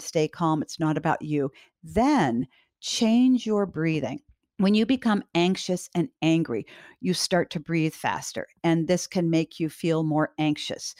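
Woman, lower voice, calm and direct parenting teacher, dry sound. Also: no echo. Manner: calm, direct, repeats key advice. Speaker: parenting educator. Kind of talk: instructional talk to parents.

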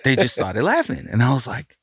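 A man's voice: mid-range voice, brisk, slightly rough, no room sound. A man, a record producer casually telling a studio story and acting out the voices of the people in it. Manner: animated, acts out the voices of others in his story.

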